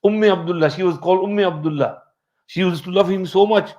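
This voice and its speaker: Guy teaching tafseer, tells stories, kinda high pitched, lots of uh's. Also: brisk, darkish tone, dull audio. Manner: storytelling, mixing in Urdu and Arabic terms. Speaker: Islamic teacher. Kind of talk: Quran commentary lesson.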